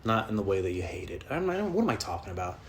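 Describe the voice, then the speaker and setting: A man's voice: deep voice, very animated, very fast. A man hosting a podcast, ranting casually on his own, rambling and swearing often, restarting his sentences as he goes. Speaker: podcast host. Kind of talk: casual solo rant.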